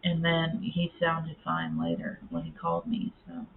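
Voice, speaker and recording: A woman's voice: low voice, very animated, measured pace. A woman chatting casually in a home vlog, rambling with lots of fillers and cooing at her cats in baby talk. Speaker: vlogger. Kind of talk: casual chat. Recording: tinny phone-like audio with faint noise.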